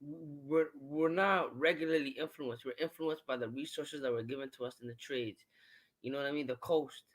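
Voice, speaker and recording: Measured young man. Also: fairly high pitch, low-quality recording. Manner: measured, insistent. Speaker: panel speaker. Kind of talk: casual debate.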